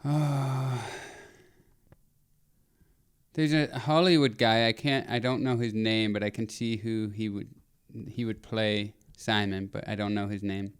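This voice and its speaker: Young guy on a podcast, smooth clear voice, laid back and kinda unsure. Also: fairly low pitch, fairly even intonation, unhurried. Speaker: podcast co-host. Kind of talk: casual chat.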